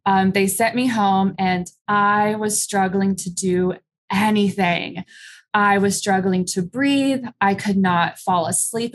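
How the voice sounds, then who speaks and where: A woman guest in an interview, candidly and plainly recounting a personal experience, with frequent ums. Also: mid-range voice. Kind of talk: personal storytelling.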